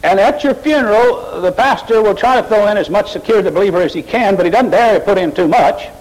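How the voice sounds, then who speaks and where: A man preaching a sermon, rising sharply in pitch and volume as he drives his points home. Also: fast talker, poor audio. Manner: mocking emotional worshippers in a high voice. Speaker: pastor.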